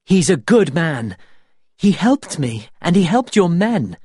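Dude doing an earnest young woman in a storybook, high pitched, loud-ish, dry. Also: unhurried, no echo. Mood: pleading. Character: young woman, brave and loyal.

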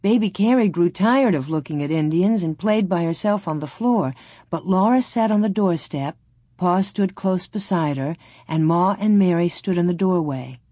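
Lady reading a kids book aloud, low husky mellow voice, dry close sound. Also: dry recording. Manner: calm, measured storytelling. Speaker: audiobook narrator. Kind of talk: storybook reading.

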